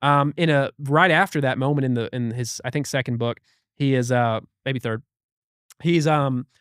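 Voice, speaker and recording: A man's voice: mid-range voice, normal speed, clean tone, dry recording, clean studio sound. A man guest on a podcast, chatting casually and telling stories with acted-out quotes. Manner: animated storyteller who acts out quotes. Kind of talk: casual chat.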